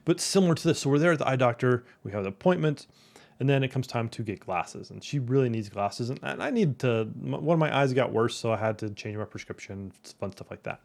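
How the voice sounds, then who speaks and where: Brief: male host, rambling casual storyteller, mid-pitched voice, lots of "right?" tags. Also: a little fast, gravelly. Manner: rambling, keeps asking "right?".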